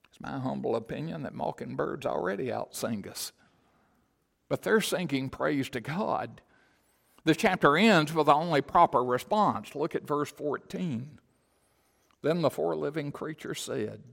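A man preaching a sermon, swelling to loud emphatic proclamation and dropping to quiet storytelling. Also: on the high side, measured pace, vocal fry. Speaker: pastor. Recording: long hall reverb.

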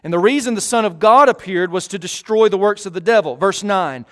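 A man in his thirties preaching a sermon, earnest and emphatic, slowing on key words and often restarting phrases. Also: high-pitched, animated, long reverb tail. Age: 30s. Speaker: pastor.

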